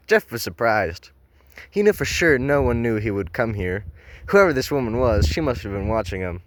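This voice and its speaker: A man's voice: medium pitch, sing-song, normal speed, dry recording. Sarcastic man reading aloud, dry close mic. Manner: sarcastic, profane, rambling asides. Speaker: channel host reading a horror story. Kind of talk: blind reading with comedic commentary.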